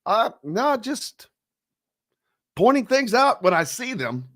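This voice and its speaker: A man's voice: very high voice, sing-song, slow, sharp tone, no echo, studio quality. A man hosting a casual sports talk radio show, rambling loosely with plenty of fillers and reading listener comments aloud.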